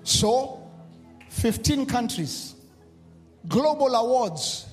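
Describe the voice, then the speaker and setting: A male preacher with a strikingly high voice delivers a sermon, dropping to hushed storytelling and then rising to repeated, shouted declarations. His voice rings through a large hall with a long echo. Soft music plays underneath. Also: lively intonation, extremely slow. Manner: repetitive, call-and-response. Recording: reverberant hall with music behind.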